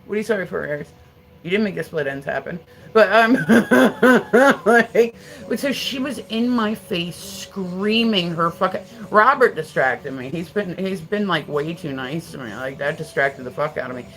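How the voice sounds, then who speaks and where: Chatty middle-aged woman, low-pitched. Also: expressive, moderate pace, fairly bright tone, poor audio. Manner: rambling, profane storytelling; answers viewer comments aloud. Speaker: livestreamer. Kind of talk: casual live-stream chat.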